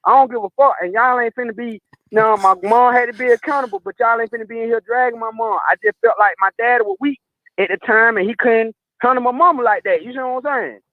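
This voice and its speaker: A man's voice: very high voice, fast, no room sound. A man from Atlanta calling in to tell a story in a blunt, profane, emphatic way. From Atlanta, USA. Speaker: caller. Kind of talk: call-in storytelling. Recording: dull, dry phone-in audio.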